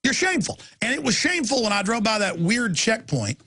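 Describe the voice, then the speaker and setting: A man's voice: high voice, sing-song, a little fast, sharp tone, slightly rough. A man hosting a talk show, delivering an angry, impassioned rant in a heated, emphatic way.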